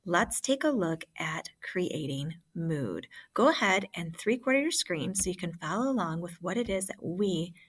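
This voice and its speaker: A woman's voice: on the low side, expressive, normal speed, few pauses, slightly rough. A woman teacher giving an online classroom lesson and walking students through examples step by step.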